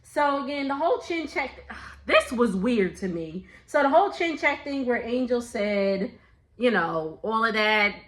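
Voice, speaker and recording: A woman's voice: a little high, big pitch swings, measured pace. A young woman chatting through a casual gossip recap, laughing often and quoting people in playful voices. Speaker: reality TV recap vlogger.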